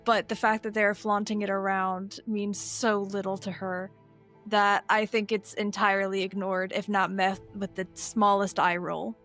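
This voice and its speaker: A woman's voice: medium pitch, little pitch movement, measured pace, a bit bright, faint music behind. A woman playing a tabletop game, thoughtfully explaining how her character reacts. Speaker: player. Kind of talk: casual tabletop play.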